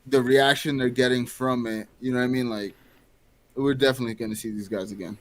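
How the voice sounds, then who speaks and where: A man's voice: medium pitch, fairly even intonation, fast, no room sound. A man co-hosting a laid-back podcast chat in a mid-range voice. He talks loosely, with plenty of fillers and "you know what I mean." The sound is dry and close. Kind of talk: casual movie review chat.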